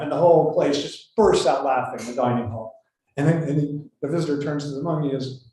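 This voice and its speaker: A man's voice: fairly high pitch, fairly quick, warm tone, far from the mic. Man lecturing in an echoey hall. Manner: conversational, self-interrupting, tells jokes. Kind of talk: academic lecture.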